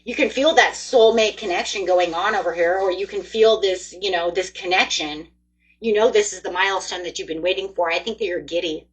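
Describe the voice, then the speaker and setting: A woman gives a casual tarot reading, talking straight to her viewers. Her voice sits low and husky. She is chatty and excitable, quick to get worked up over the cards. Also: low-quality recording. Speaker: tarot reader.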